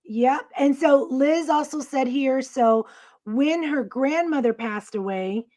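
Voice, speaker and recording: A woman co-hosting a casual talk show, reading out viewer comments in a supportive, steady way. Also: sits high, takes it slowly. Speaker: co-host.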